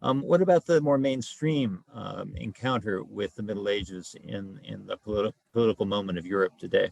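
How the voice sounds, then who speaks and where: A man in the audience asking a long question, hesitant and halting with many ums. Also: on the low side, vocal fry, darkish tone, dry recording. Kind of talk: online Q&A question.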